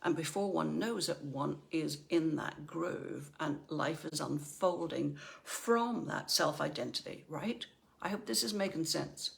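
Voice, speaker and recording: A middle-aged Northern Irish woman works as a life coach, delivering a chatty motivational talk in a low-pitched, slightly slow voice with vocal fry. She often checks in with her listeners by asking "right?".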